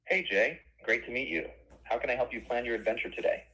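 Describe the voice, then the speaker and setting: A man's voice: mid-range voice, animated, fast, bright, forceful tone. A man's synthetic voice speaking as an upbeat, polished customer service phone agent. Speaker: AI voice agent for a tour company. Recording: phone-line sound.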